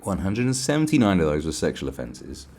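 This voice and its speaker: A man hosting a solo podcast, ranting in a sarcastic, sweary, animated way. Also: sits low, a little fast, gravelly, a little hiss or hum. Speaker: podcast host.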